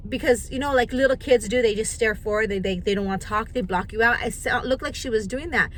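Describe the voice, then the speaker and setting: Speaking straight to camera, a middle-aged woman vlogger shares a personal story in a bright, fairly high voice. She talks fast, restarts sentences often, and animatedly acts out the dialogue. The low-quality recording carries a little hiss or hum.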